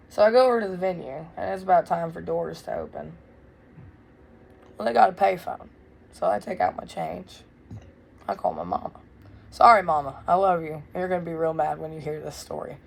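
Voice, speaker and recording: A young woman telling a wild story in a casual, blunt, profane way, loud and animated. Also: on the low side, fairly quick, vocal fry, long pauses, breathy edge. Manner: blunt, profane, swears freely. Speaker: vlogger.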